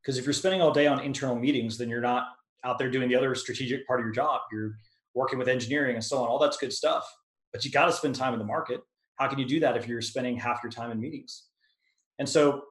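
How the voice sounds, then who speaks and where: A man instructor talks through questions on a video call, loose and conversational, full of ums and restarts. His voice sits at an ordinary middle pitch. The sound has a roomy echo around it. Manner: conversational, lots of filler words and restarts. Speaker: product management instructor. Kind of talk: webinar Q&A answer.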